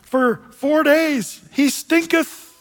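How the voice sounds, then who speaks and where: A man preacher voicing a fussy, practical woman who protests in a high, drawn-out whine. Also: faint music behind. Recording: long reverb in a large hall.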